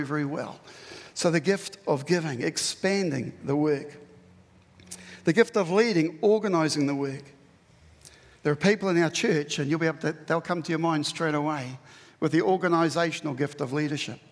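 A man's voice: on the high side, a little fast, gravelly, in a large hall. A man preaching a sermon to his church, conversational and emphatic, often acting out what people say. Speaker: pastor.

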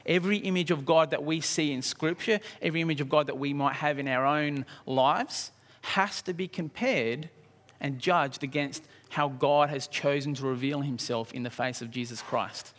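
A man with a fairly high voice delivers a sermon with animated energy. He acts out the story and throws questions to his listeners. His words ring on in a large reverberant hall. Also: normal speed. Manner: animated, acts out scenes, asks the congregation questions. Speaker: preacher.

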